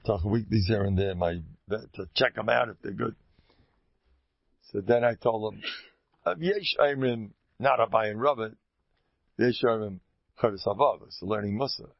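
Gravelly man giving an animated Torah talk. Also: on the low side, moderate pace, long pauses, no echo. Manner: animated and emphatic, repeats phrases for stress. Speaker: Torah teacher. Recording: dull lo-fi dry recording.

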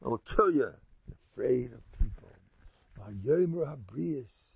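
A man with a rough, gravelly voice leads a Torah lecture as a rabbi, telling stories and leaping into high, squeaky asides before dropping to low mutters. The recording is dry and close, with a dull, lo-fi tone. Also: expressive, unhurried, no room sound. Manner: jokey, acts out quotes with sudden high squeaks and mutters. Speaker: rabbi giving a Torah class. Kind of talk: animated Torah lecture with storytelling.

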